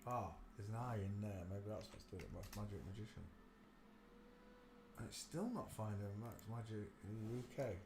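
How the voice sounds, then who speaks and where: A man hosting a casual livestream, rambling to himself as he browses pictures and turning loud and animated when he tells a story. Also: lowish voice, moderate pace, noisy background. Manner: rambling, talks to himself while searching pictures; gets loud and animated telling stories. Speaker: livestream host. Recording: roomy echo with faint ambience.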